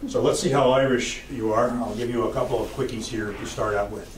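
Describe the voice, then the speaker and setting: A man's voice: mid-range voice, fairly even intonation, brisk, a little hiss or hum. A man giving a humorous public lecture as a college professor, with a dry, wry storytelling delivery. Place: lecture hall. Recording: echoey lecture hall, distant mic.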